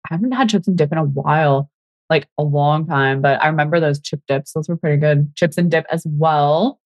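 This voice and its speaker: Chatty woman host with a lowish voice. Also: fairly quick, darkish tone, no echo. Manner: chatty, upbeat, keeps saying "you guys". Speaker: fitness coach and podcast host. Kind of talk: live podcast talk, reading out audience chat.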